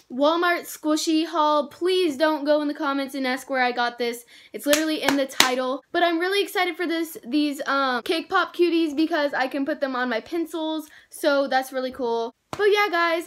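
In an excited haul vlog, a young woman with a high voice gushes over toys, saying "like" and "oh my gosh" a lot. There's a little hiss or hum in the audio.

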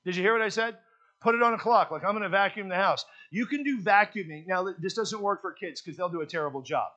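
Male pastor, high voice, folksy humorous sermon delivery in church. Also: fast, muffled recording. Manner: folksy, joking storyteller with lively emphasis.

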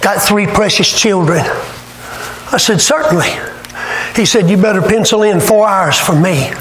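A man's voice: high voice, lively intonation, moderate pace, a little hiss or hum. A man preaching a revival sermon, telling stories with fervor. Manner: fervent storytelling preacher, rising to shouts. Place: church sanctuary. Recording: echoey church room, faint ambience.

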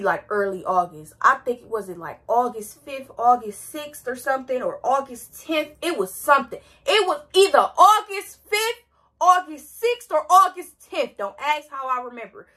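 Animated high-voiced young woman storyteller. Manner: animated, slangy, dramatic retelling. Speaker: vlogger. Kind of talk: casual storytime.

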